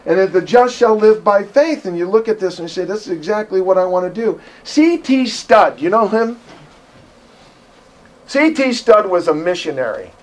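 High-voiced emphatic preacher. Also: male voice. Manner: impassioned, emphatic, swings from loud to quiet. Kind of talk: sermon.

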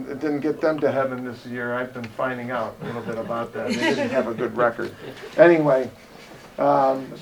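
A man's voice: fairly high pitch, darkish tone. A man preaching as an evangelist in a folksy, digressive, joking way, speaking to a congregation. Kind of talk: sermon. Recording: distant voice, faint noise.

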